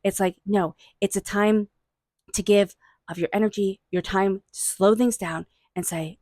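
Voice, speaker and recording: A tarot reader with a mid-range voice takes her time, speaking unhurriedly into her own microphone with no echo. She calls softly on angels and spirit guides and gives warm, excited encouragement during the reading.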